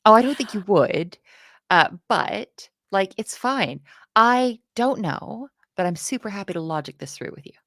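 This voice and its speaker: A woman chatting casually through a coding lesson, self-deprecating and quick to laugh. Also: mid-range voice, expressive, a bit bright, dry recording, clean studio sound. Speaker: co-host learning to code. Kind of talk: casual live coding chat.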